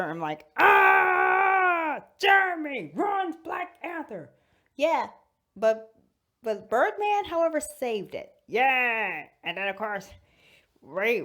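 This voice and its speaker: A woman with a medium-pitched voice hosts a toy channel, chatting casually and comically about fandoms. She giggles, sighs dramatically and bursts into shouted bits.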